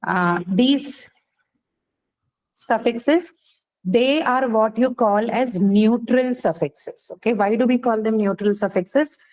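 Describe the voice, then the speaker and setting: A woman with a fairly high, slightly mellow voice speaks slowly in a rough recording. She is an English teacher giving a classroom lecture, asking questions and checking in with "right?" as she explains.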